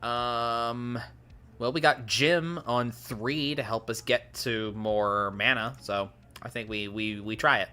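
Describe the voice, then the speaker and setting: Man streamer, slow unhurried delivery with an animated, bright tone, chuckly gameplay commentary over faint music. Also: medium pitch, smooth. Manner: chuckles often, thinks aloud. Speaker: streamer playing a card game.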